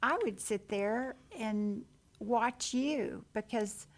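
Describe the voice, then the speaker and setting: A woman hosting a casual chat, speaking softly and supportively to her guest. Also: on the high side, slow. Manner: soft, supportive back-channeling.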